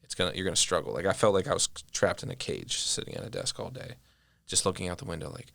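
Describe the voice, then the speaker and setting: A young man with a very low, gravelly voice tells stories as a podcast guest. He keeps it casual and animated, filling his sentences with "like". The recording is dry and close, with no room around him. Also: fast talker, no room sound. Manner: animated storyteller, heavy use of "like". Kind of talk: casual conversation.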